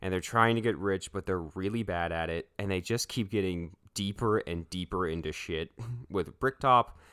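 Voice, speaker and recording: Low-voiced young man, laid-back movie chat. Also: normal speed, a bit bright, clean tone, no echo, clean studio sound. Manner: laid-back, swears a lot, laughs often. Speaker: podcast co-host. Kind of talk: casual movie review chat.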